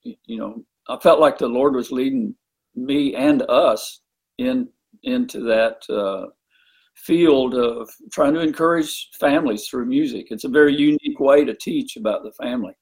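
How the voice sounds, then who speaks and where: Husky, gravelly man reflecting slowly. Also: mid-range voice, a little mellow. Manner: halting, reflective, many fillers. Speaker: guest.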